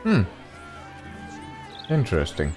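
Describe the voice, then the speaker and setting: Streamer man, low voice, slow and halting, wry asides. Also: huge pitch swings, music in the background. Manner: hesitant, restarting, wry. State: has the hiccups. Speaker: streamer playing a game. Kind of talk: casual let's-play chat.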